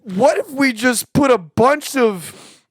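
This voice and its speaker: Young male co-host, high animated voice, adds to the bits. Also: slow, dry recording, studio quality. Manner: jumps in to build on jokes, laughing. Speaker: podcast co-host. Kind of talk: casual comedic chat.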